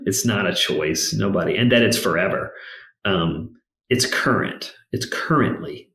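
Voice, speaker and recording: A man with a fairly low voice chats as a guest on a podcast. He tells stories in a loose, rambling way full of fillers. The recording has a roomy echo. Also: lively intonation, unhurried, a bit bright. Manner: rambling, filler-heavy storytelling. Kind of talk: casual interview chat.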